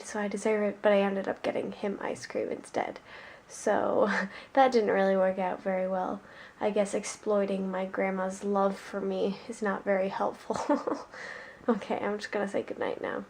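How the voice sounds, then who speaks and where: A young woman chatting casually to camera in a vlog, rambling and laughing as she talks. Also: mid-range voice. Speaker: vlogger.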